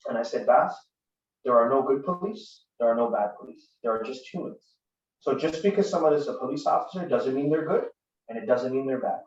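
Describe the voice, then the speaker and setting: A man's voice: medium pitch, lively intonation, a little fast. A man in his thirties from Canada, giving an earnest, conversational talk built on personal stories. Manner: earnest, conversational, grows forceful. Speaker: guest speaker. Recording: distant roomy lo-fi recording.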